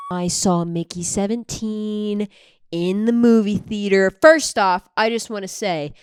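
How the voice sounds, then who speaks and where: A woman's voice: mid-range voice, a little mellow, clear, resonant tone, no echo, studio quality. A young woman vlogging casually into a microphone, gushing and swearing freely. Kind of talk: casual chat. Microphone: handheld microphone.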